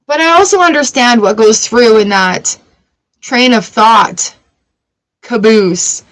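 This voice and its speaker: A woman's voice: a little high, slow, fairly bright tone. A woman giving a casual live-stream tarot reading, chatty and blunt and swearing freely. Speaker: tarot reader.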